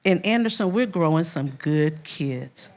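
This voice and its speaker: Older woman, Southern accent, teacher's speech, lively storytelling, slightly low voice. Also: a little slow, background noise. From Louisiana. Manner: animated storyteller, acts out voices, laughs often. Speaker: first-grade teacher. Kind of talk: heartfelt speech at an awards event.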